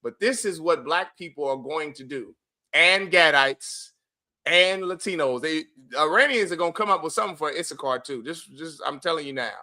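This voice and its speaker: A man with a somewhat high, bright and forceful voice delivers a preachy livestream commentary. He speaks emphatically and keeps calling out to his listeners as brother. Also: lively intonation, normal speed. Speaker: host of a religious group's class.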